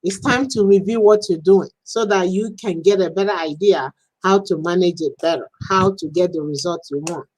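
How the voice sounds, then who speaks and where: A woman coaching on a live stream in a chatty, animated way, laughing often and acting out little quoted exchanges. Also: lowish voice, moderate pace, rough recording. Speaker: business and social media coach.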